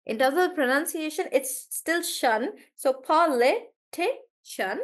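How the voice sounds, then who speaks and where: A woman teaching English pronunciation in a live class, repeating each word slowly to model the stress and calling on students by name. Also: high-pitched, lively intonation. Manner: calls on students by name and checks in with them.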